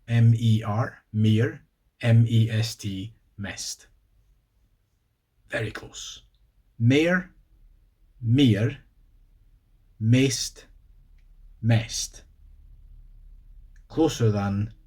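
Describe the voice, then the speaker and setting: A Scottish man talks through a casual video explainer in a lowish, husky voice. He takes his time, spells words out letter by letter and drops in dry little jokes. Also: a little mellow. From Scotland. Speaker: video host.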